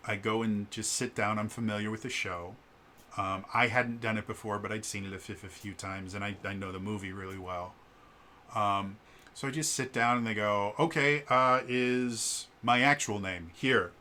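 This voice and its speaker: A man telling a casual story in a vlog, animated and acting out the quoted lines, with fillers and stammered restarts. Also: normal speed, slight background noise. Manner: animated, acts out quoted lines with shifts in pitch. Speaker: vlogger.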